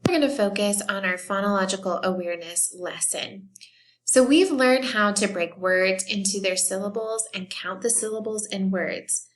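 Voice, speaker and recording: A woman's voice: medium pitch, a little hiss or hum. A woman teacher giving a recorded phonics lesson for young children, patiently sounding out and clapping word syllables and praising often. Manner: slow, patient, encouraging, claps and stretches out words.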